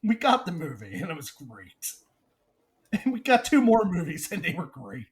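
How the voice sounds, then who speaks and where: A man co-hosting a podcast in casual chat, animated and laughing as he reads news items aloud. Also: a little high, normal speed. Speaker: podcast co-host.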